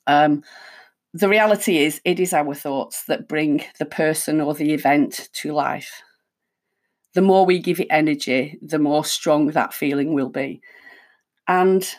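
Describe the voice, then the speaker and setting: Low-voiced woman giving a calm self-help talk. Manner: calm, conversational, thinking aloud. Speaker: host.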